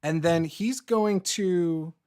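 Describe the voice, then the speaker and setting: A man's voice: on the high side, slow pace, a little mellow, clean tone. A man narrating and explaining rules as the game master of a tabletop game.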